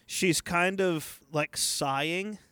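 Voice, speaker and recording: Male podcast co-host, high voice, profane and laughing, dry close sound. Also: slow, smooth, dry recording. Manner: laughing, profane, animated retellings. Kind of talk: casual chat reviewing a TV episode.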